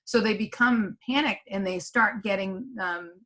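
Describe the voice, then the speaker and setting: A woman's voice: medium pitch, measured pace, a bit bright. A middle-aged woman giving a webinar presentation from home in a conversational way, often checking in with "right?". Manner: conversational, tags points with "right?". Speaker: senior living presenter. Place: home office.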